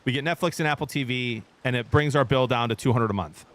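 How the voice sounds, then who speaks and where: A man's voice: mid-range voice, fast. A man in his thirties, a streamer, telling a rambling story in casual chat with his viewers.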